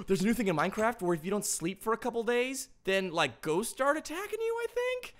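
A man giving casual gameplay commentary as a gaming host. He is playful and jokey, chats to the animals in the game, and sounds slightly hoarse. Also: sits high, very animated, brisk, hardly any pauses, faint music behind.

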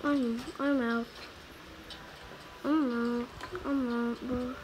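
A woman's voice: a little high, little pitch movement, drawn-out words, noisy background. A woman gamer giving chatty, exclaiming, slangy commentary as she plays. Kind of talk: casual let's-play commentary.

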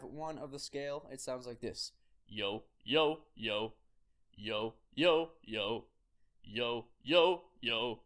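Guy teaching a singing warm-up, upbeat and direct, regular middle voice. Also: mid-range voice. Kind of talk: vocal warm-up tutorial.

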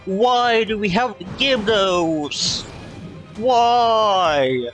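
A man giving casual gameplay commentary in a let's play, animated and playfully complaining. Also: sits high, very slow, soft background music.

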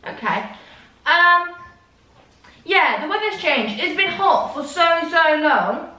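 A woman's voice: high voice, lively intonation, unhurried, bright, forceful tone. Chatty woman vlogging in her bedroom. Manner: chatty and rambling, talks to her dogs. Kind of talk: casual chat to camera. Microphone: camera set up in the room.

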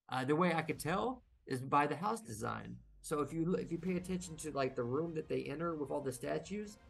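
A man's voice: mid-range voice, gravelly. A man co-hosting a casual pop-culture debate, explaining his views thoughtfully and with many fillers. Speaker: podcast co-host.

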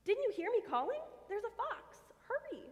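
A woman voicing a friendly young male flying squirrel in a read-aloud storybook, in an easygoing, gentle manner. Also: a little high, sing-song, fairly quick, lo-fi sound. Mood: urgent. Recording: long church reverb.

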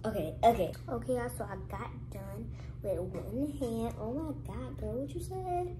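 A young woman chatting casually to camera in a vlog, lively and sometimes dropping to hushed whispers. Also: fairly high pitch, measured pace, noisy background. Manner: lively, switches to hushed whispers when nervous. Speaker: vlogger.

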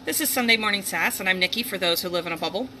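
A woman's voice: mid-range voice, very fast, bright, forceful tone, a little hiss or hum, poor audio. Chatty woman hosting a livestream. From Northeast US. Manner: chatty, rambling, greets viewers by name. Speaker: livestream host. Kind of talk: casual livestream chat. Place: home, near a heater and dogs.

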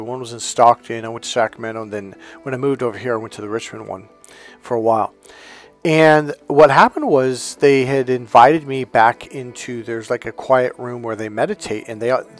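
Man, mid-pitched voice, casual storytelling monologue, rambling, animated, faint music behind. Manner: rambling, animated, laughs while telling stories. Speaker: spiritual coach and video host.

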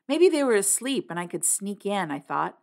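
A woman's voice: mid-range voice, very animated, normal speed, gravelly, a little mellow. A woman reading a novel aloud, narrating expressively in the first person. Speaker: reader.

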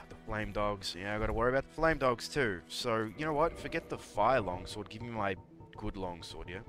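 A man's voice: on the low side, lively intonation, moderate pace, fairly bright tone, soft background music. A young man streaming live, muttering and scolding himself as he talks to chat over gameplay.

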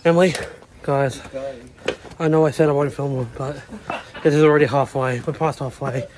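Breathing hard and sweating, a vlogger in his twenties rambles and swears to his handheld phone camera while climbing long shrine stairways outdoors. He speaks at a medium pitch and moderate pace with fairly even intonation. The background is noisy.

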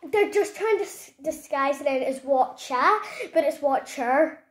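A woman chatting casually on camera in a hushed, mock-frightened way. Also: high voice, lively intonation, unhurried. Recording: echoey room with faint noise.

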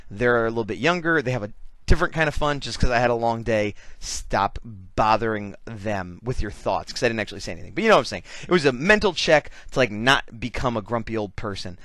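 A man's voice: medium pitch, lively intonation, brisk, fairly bright tone, no echo. A man giving a rambling, self-deprecating voice-over in casual conversation, hiccuping now and then. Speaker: artist and convention vendor.

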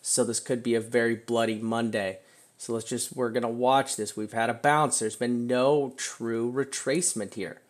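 A man's voice: mid-range voice, steady tone, moderate pace. A man giving casual, emphatic commentary on market charts, often checking in with "right?" and venting frustration now and then. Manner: chatty, emphatic, keeps asking "right?"; frustrated outbursts. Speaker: crypto chart analyst. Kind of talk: screen-share market commentary.

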